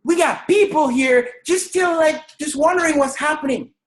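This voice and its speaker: A woman in her thirties from Senegal giving an energetic, emphatic motivational testimony on a video call, often raising her voice to tell her story. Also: high voice, normal speed, low-quality recording. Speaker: network marketing leader.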